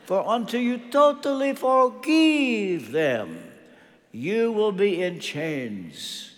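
A stern older Romanian man with a Romanian accent, as a preacher quotes him. He presses his point slowly and firmly, and his voice rings out through a hall with long reverb. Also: high voice, voice pushed up, heavily acted. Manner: firm, slow, insistent.

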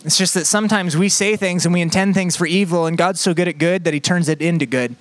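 A man preaching a sermon in a conversational, playful way, moving between quick asides and slow, emphatic phrases. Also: high voice, fairly bright tone, dry recording. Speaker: pastor.

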